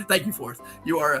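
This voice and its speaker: A man hosting a livestream, joking and laughing as he reads viewer super chats. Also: a little high. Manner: animated, joking, laughs often. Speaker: livestream host. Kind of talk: casual livestream chat, reading super chats.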